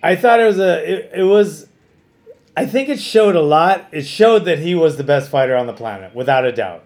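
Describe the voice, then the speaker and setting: A middle-aged man with a fairly high voice chats on a podcast. He tells stories in an animated, rambling way, full of fillers and restarts. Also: normal speed. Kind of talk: casual chat.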